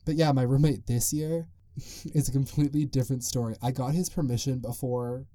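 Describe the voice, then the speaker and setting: A man's voice: mid-range voice, steady tone, fairly quick, mellow, dry recording. A young man hosting a casual solo podcast, rambling with lots of "like" and frequent chuckles. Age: young adult. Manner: rambling, peppered with "like", chuckles often. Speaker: podcast host.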